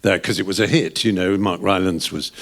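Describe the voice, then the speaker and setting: A man's voice: deep voice, steady tone, a little fast, fairly bright tone. An older English man in his sixties, a guest on a live podcast in a pub, telling rambling anecdotes with restarts and chuckles. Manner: rambling anecdotal storytelling with frequent restarts and laughs. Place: pub venue before a live audience.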